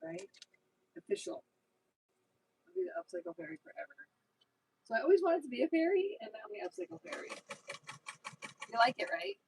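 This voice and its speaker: A woman's voice: very high voice, very animated, a little fast, vocal fry, long pauses, slight background noise, low-quality recording. A woman with a mixed New Jersey and Tennessee accent hosting a casual livestream, rambling chattily and reading out viewer comments. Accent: mix of New Jersey and Tennessee. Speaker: YouTube livestream host.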